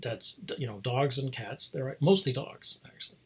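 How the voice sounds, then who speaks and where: A man with a gravelly, rough-edged voice tells a rambling story at home. His tone is husky and a little worn. He chuckles often, loses the thread and laughs at his own jokes. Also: medium pitch, moderate pace. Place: home, speaking remotely.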